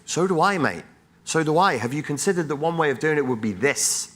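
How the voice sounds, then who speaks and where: A man's voice: fairly high pitch, lively intonation, a little fast, fairly bright tone. A middle-aged man, a psychologist, giving a blunt, profane, exhorting motivational talk on a conference stage, wired and jet-lagged.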